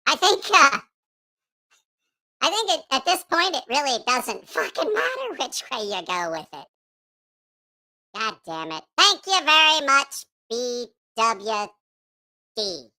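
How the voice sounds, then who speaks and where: A man's voice: very high-pitched, big pitch swings, slow, pauses often, pushed and bright, voice pushed up, exaggerated voice. A man voicing a grumpy, foul-mouthed childlike puppet character while chatting on a livestream, grumbling and swearing. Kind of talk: livestream chat in a put-on voice.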